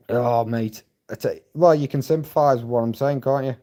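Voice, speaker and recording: A man's voice: mid-range voice, steady tone, moderate pace, warm tone. Sweary Scottish man on a live stream. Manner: rambling, sweary, blunt. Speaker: livestreamer. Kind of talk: casual live-stream chat.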